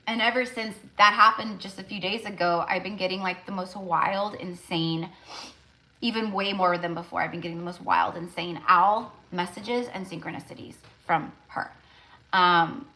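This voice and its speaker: Bright-voiced woman rambling emotionally. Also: fairly low pitch. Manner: rambling and emotional, with many fillers. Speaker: tarot reader. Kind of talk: casual live-stream chat.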